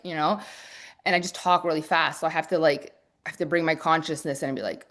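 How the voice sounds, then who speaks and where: A woman business coach teaching on a live stream, talking fast and energetically with frequent restarts. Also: on the low side, a bit bright. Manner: restarts and fillers.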